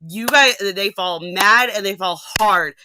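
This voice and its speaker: A woman ranting animatedly in a casual podcast chat, with quick asides and restarts. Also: medium pitch, sharp tone, a little hiss or hum. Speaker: podcast guest.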